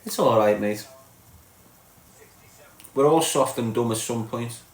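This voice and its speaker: A blunt, sweary Scouse man from Liverpool, England, hosts a live stream, ranting and chatting with viewers in a mocking way and tagging his lines with "lad" and "mate." His voice is medium-pitched and slow, and the recording has a roomy echo.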